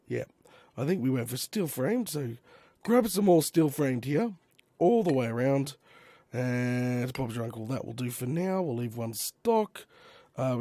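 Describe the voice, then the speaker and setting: An Australian man with a hoarse, failing voice, chatting casually to himself while he plays a game. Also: on the high side, warm tone, no echo. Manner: chatty, muttering to himself with slang exclamations. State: hoarse, losing his voice. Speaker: gaming YouTuber. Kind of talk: casual gameplay commentary.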